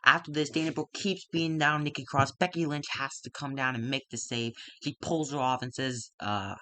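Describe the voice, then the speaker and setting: A man's voice: medium pitch, a little fast, hardly any pauses, pushed and bright, dry recording. A man casually recapping the results of his wrestling simulation game, rambling with lots of fillers and the odd swear word. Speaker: wrestling sim game player recapping a show.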